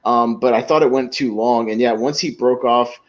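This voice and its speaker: A man's voice: mid-range voice, steady tone, moderate pace. A man co-hosting a podcast in casual chat, rambling and laughing as he acts out lines from a sketch. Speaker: podcast co-host. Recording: dull lo-fi sound.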